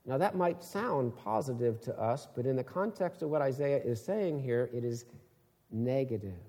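A man's voice: medium pitch, lively intonation, normal speed, mellow. Man preaching a Bible sermon, emphatic questioning delivery, long reverb of a hall. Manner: reads scripture aloud, then explains it with rising emphatic questions. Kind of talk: sermon-style Bible teaching.

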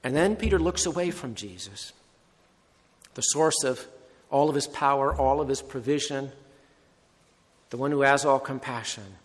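A man preaching a sermon, with measured, emphatic phrasing and short repeated phrases. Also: medium pitch, expressive. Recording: long hall reverb.

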